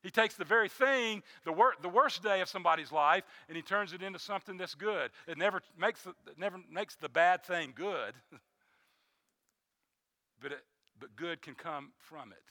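A man preaching a sermon as pastor, building emphasis with frequent restarts and dropping to a soft low voice on key phrases. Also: normal speed, no room sound.

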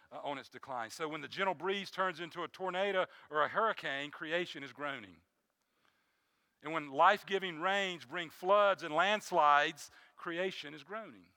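A man preaching a sermon as pastor, building emphasis with frequent restarts and dropping to a soft low voice on key phrases. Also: dry recording.

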